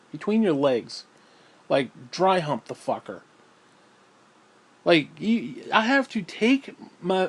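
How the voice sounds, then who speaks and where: A man telling a rambling story at home in a casual vlog, swearing freely and sighing often. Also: a little high. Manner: profane, rambling, frequent sighs. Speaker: vlogger. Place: at home, indoors.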